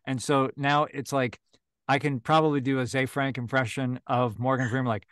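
A man's voice: mid-range voice, level tone, normal speed, a bit bright, no room sound. Chatty man with dry close sound. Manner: chatty, many fillers and restarts. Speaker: audiobook narrator guest. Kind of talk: casual interview chat. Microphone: video call.

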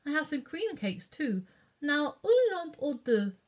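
A woman's voice: sits high, sing-song, a little slow, voice pushed up. Woman doing a genteel French lady. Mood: gracious. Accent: put-on French.

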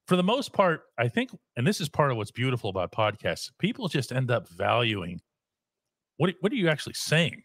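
A man's voice: medium pitch, wildly swooping pitch, fairly quick, a bit bright. A man with a slightly nasal voice, co-hosting a casual sports podcast in a wry, self-mocking way. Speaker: podcast host.

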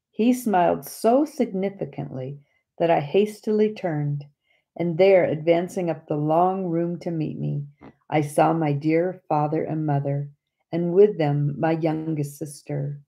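A woman narrates an audiobook in a low, mellow voice. She reads slowly and gently, with a measured, unhurried delivery. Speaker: audiobook reader. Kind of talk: scripted narration.

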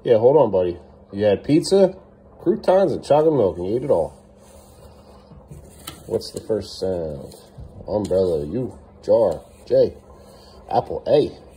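A father talking straight into a handheld camera at home, his mid-pitched voice jumping up and down as he teases and coaxes his kids. He sounds casual and playful, with a faint hiss of background noise behind him. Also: sing-song, unhurried, long pauses, warm tone. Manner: playful, talks to his young sons in a teasing, coaxing way. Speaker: dad vlogging with his kids. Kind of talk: casual family vlog chat. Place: family home kitchen. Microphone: handheld camera filming himself.

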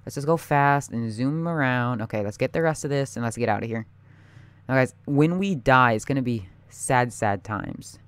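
A young man giving live gameplay commentary, excitable and panicky, talking straight to his viewers. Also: medium pitch, normal speed, clear, resonant tone, no room sound. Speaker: gaming YouTuber.

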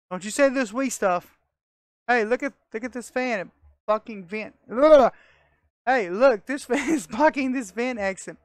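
A woman giving casual, excitable commentary as she plays a video game, talking to herself and laughing often, recorded on a close mic. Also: mid-range voice, moderate pace, dry recording. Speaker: gamer.

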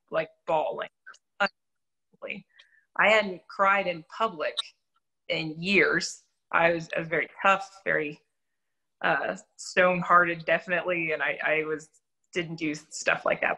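A woman's voice: on the low side, bright, forceful tone, rough recording. A young adult woman sharing her faith testimony in an interview, telling her story candidly and earnestly with self-deprecating humor.

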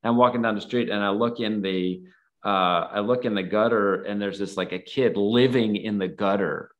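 A man's voice: fairly low pitch, steady tone, moderate pace. A man guest on a podcast, telling stories in a casual, rambling way full of fillers. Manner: rambling, filler-heavy, acts out quoted dialogue. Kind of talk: casual storytelling.

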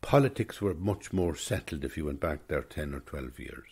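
Deep husky older Irish storyteller. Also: male voice, animated, normal speed, darkish tone. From Ireland. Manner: reflective, digressive. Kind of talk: rambling storytelling monologue.

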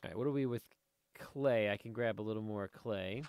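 A man's voice: on the low side, fairly quick, vocal fry, darkish tone, clean tone, no echo. A man giving casual, rambling commentary while playing a game, easily sidetracked and chatting to viewers and to the creatures on screen. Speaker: let's play host.

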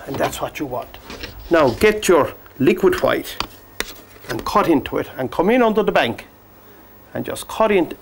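A man teaching a painting demonstration, gently coaxing the brushstrokes as if talking to the paint. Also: a little high, vocal fry, a little hiss or hum. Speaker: painting instructor.

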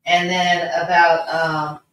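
Slow, echoey woman reading study notes. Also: lowish voice, level tone, a bit bright, far from the mic. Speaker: study group member.

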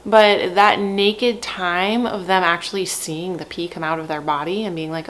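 A woman's voice: on the low side, fairly even intonation, normal speed, hardly any pauses, a bit bright, a little hiss or hum. A young woman, a mother of three, chatting frankly to camera at home and laughing often. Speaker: parenting vlogger, mother of three. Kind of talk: casual chat to camera.

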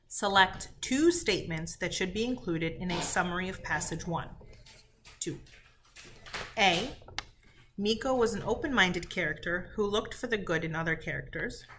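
Woman teacher, reading aloud to a class, clear deliberate delivery, bright tone. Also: fairly low pitch, slight background noise. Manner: clear deliberate read-aloud, reads answer choices slowly.

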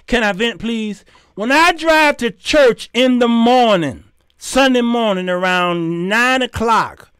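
A man's voice: sits high, fairly bright tone, smooth, dry recording, clean studio sound. A man hosting his show, delivering a heated, preachy commentary rant that scolds his listeners and repeats phrases for emphasis. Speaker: host.

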